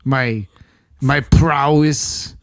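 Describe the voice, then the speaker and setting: A co-host in a casual chat who drawls in an unhurried, deadpan way. Jokes land with mock-dramatic seriousness at an ordinary pitch.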